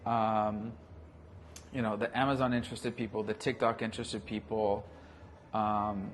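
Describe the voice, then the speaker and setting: A man hosting a casual vlogcast, talking business with a colleague in an animated way and swearing freely. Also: lowish voice, measured pace. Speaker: vlogcast host, agency owner. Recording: faint background noise.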